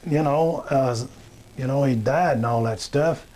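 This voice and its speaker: A man telling rambling jokes in a folksy, plain-spoken way, with many pauses. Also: medium pitch, darkish tone. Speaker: comedian. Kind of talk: rambling joke telling to camera. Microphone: webcam or camera in front.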